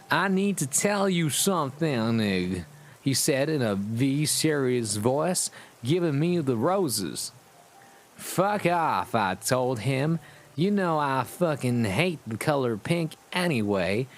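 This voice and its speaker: A man putting on a surly gothic teen girl with a put-on American Southern accent, reading fan fiction aloud in a slow, drawn-out drawl as a comic dramatic reading. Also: mid-range voice, big pitch swings. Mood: snippy. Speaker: streamer.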